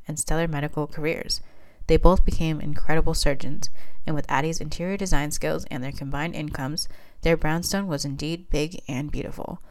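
A woman reads her own fan fiction aloud in a plain, even manner. Her voice sits low. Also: clean tone. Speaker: reader and writer of fan fiction.

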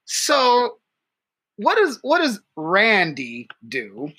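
A man's voice: high voice, wildly swooping pitch, drawn-out words, pushed and bright. A man co-hosting a casual podcast, telling profane stories and laughing often. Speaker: podcast co-host. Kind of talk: casual crude podcast banter.

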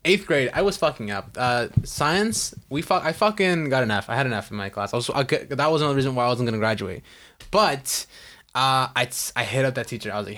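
A young man telling stories in casual chat, animated and swearing a lot, acting out what people said. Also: medium pitch, a little fast. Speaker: podcast co-host.

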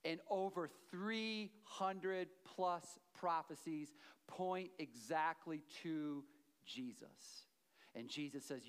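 A man's voice: a little high, takes it slowly, clean tone. A man preaching a sermon, telling a story conversationally, checking in with the audience and repeating phrases for emphasis. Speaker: pastor.

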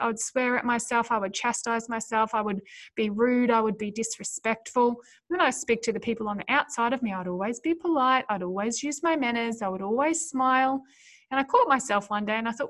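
A woman's voice: fairly high pitch, animated, brisk, a bit bright. A woman hosting a solo podcast, coaching mothers in an earnest, encouraging way and speaking straight to her listeners.

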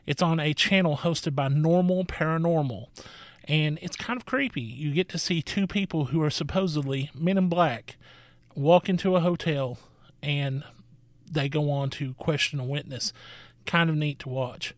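Man reading a measured podcast segment. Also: fairly high pitch, dry recording. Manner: measured, spells out names. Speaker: segment presenter. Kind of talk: scripted podcast narration.

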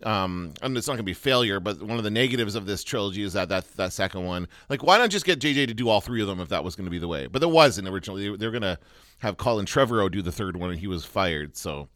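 A man's voice: fairly low pitch, animated, quick pace, a bit bright, no room sound, studio quality. A man co-hosting a podcast, talking in a rambling casual way with many restarts and fillers. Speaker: podcast co-host. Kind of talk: casual chat.

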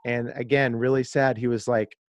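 Animated man telling stories. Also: medium pitch, moderate pace, dry recording, studio quality. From Kansas, USA. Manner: animated storyteller, laughs often. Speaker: guest, disc golf video creator. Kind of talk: casual podcast chat, storytelling.

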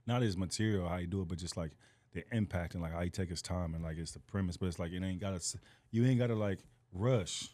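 A man guesting on a podcast, telling a long story in animated fashion and acting out the voices of the people in it. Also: deep voice, fast talker. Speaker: guest comedian. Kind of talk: casual podcast chat.

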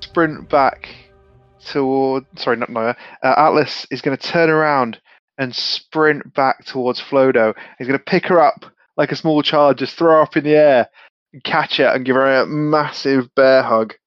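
A man playing a tabletop game, excited and tripping over his words. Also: mid-range voice, normal speed, dry recording, soft background music. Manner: excited, stumbling. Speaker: player. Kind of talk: casual chat. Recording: dull, dry sound.

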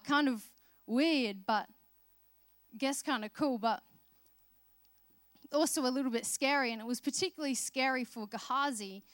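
A woman's voice: fairly high pitch, fairly bright tone, smooth, dry recording, studio quality. A woman preaching a sermon, telling Bible stories in a conversational way and acting out the characters' lines. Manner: conversational storytelling, acting out voices of biblical characters.

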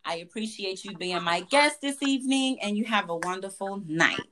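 A young woman hosting a podcast, telling a story in a lively, profane way and acting out the voices of the people in it, often laughing. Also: medium pitch, normal speed, slight background noise. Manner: animated, profane, acts out quoted voices with laughter. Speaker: podcast host. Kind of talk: casual storytelling chat.

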